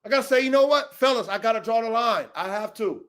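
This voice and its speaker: A man with a notably high speaking voice delivers a heated, profane rant on his podcast. He talks in a confrontational way, circling back over the same points and calling people out by name. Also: animated, quick pace, a bit bright. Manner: profane, confrontational, repetitive, calls out names. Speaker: podcast host.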